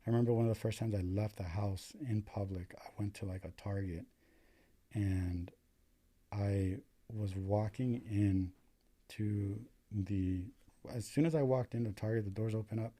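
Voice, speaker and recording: A man's voice: fairly low pitch, fairly even intonation, a little slow, mellow. A young adult American man, a paramedic guest, telling his story in casual, profane talk full of "dude" and "like". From United States. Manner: profane, filler-heavy, says "dude" a lot.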